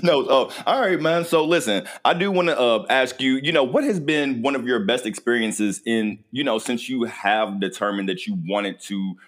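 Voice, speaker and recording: A young man hosting a podcast interview in casual, joking chat, his voice jumping high when he gets excited. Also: normal speed, few pauses. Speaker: podcast host.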